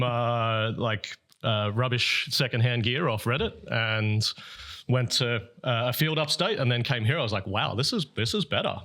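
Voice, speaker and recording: A man's voice: medium pitch, sharp tone. An Australian man chatting casually as a podcast guest, laid-back and self-deprecating with frequent laughs. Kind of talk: casual chat.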